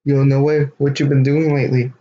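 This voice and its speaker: A man's voice: mid-range voice, flat delivery, fairly quick, dull audio, noisy background. A young man co-hosting a casual podcast, protesting and defending himself among friends. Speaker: podcast host. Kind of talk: casual chat.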